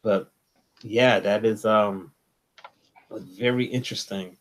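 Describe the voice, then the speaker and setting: A man's voice: lowish voice, steady tone, slow pace. A man co-hosting a casual comics chat, talking in a laid-back, slangy way full of "like" and "you know.". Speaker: comics podcast co-host.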